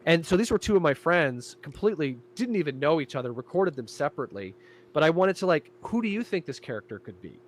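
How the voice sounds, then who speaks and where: A man in casual chat, telling a lively story about directing his show and acting out quoted lines. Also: a little high, fast. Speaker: guest, creator and director of an audio show.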